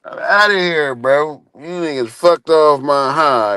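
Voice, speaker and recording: A man's voice: fairly high pitch, unhurried, pushed and bright, clear, resonant tone, no echo. A man hosting a live stream, telling a story in a casual, profane, often laughing way.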